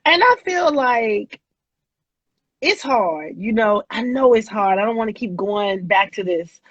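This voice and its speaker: A woman in her forties speaks in a measured, reflective way, pausing on fillers as she works through her thoughts. Her recording sounds dull and dry, with little room tone. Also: mid-range voice, expressive, slightly rough, no room sound. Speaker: guest. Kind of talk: reflective casual chat.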